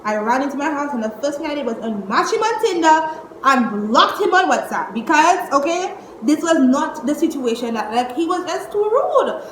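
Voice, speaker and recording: A young woman, telling a storytime vlog at home in an exasperated, animated way, cursing and using slang. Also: sits high, normal speed. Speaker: vlogger. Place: indoors at home. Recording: echoey room with faint noise.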